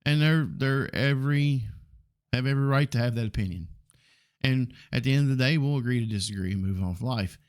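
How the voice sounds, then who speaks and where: A man's voice: medium pitch, a little fast. Laid-back Southern man in his forties. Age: 40s. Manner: rambling, blunt, frequent ums and mild swearing. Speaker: podcast host. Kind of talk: casual solo podcast talk.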